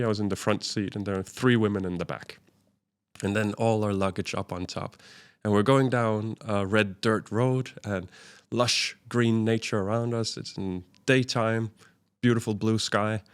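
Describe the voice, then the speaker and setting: A man, a guest in an interview, telling a vivid travel anecdote and acting out the dialogue he quotes. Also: on the low side. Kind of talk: storytelling in a conversational interview.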